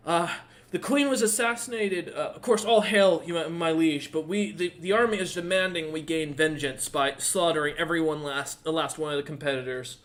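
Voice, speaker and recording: A man's voice: a little high, normal speed, a bit bright, lightly acted. A man voicing a scrawny young male orc messenger who stammers and speaks with anxious deference. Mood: nervous. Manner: breathless, stammering, overly deferential.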